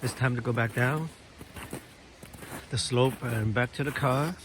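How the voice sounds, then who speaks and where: A man's voice: medium pitch, a little slow, background noise. A man vlogging on a hillside trail near a waterfall, awestruck and often exclaiming over the view. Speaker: nature vlogger. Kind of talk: casual narration while walking outdoors.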